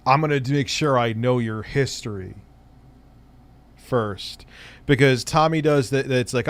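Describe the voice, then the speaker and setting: A man's voice: mid-range voice, a little slow, long pauses. A man hosting a livestream, chatting casually and rambling through crude, profane jokes. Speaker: streamer host. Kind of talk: casual livestream reaction chat.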